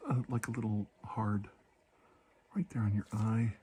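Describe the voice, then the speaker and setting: A man in a whispered role-play as a doctor giving a calm exam, soft-spoken and gently reassuring. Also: on the low side, a little slow, background noise. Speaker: ASMR creator playing a doctor.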